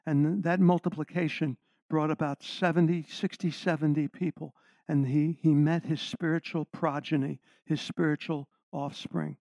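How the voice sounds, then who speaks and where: A man's voice: a little high, flat delivery, moderate pace, creaky, darkish tone, no echo, studio quality. An older man, a guest preacher, giving an earnest sermon and putting questions to the congregation.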